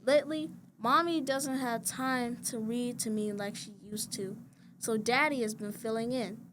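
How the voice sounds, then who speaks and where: A woman reads a children's picture book aloud, her voice sitting a little high. She keeps a gentle, even storytelling pace. A steady hiss of noise runs under the recording. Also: measured pace. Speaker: storybook reader. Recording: noisy background hiss.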